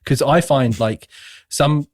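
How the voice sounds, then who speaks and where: A man co-hosting a casual film review podcast, an animated storyteller who acts out scenes with sudden squeaky voices. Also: slow, no echo, studio quality. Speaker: podcast co-host.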